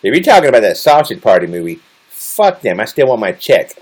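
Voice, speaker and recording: A man's voice: lowish voice, very animated, fast. A man chatting casually with viewers on a livestream, teasing and joking crudely as he reads their comments. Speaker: live streamer.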